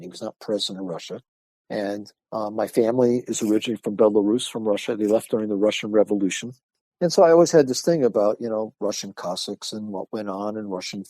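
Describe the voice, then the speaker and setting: Older male guest, martial arts teacher, animated casual storyteller, mellow voice. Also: on the low side, dry recording, low-quality recording. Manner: animated anecdote-telling, acts out dialogue.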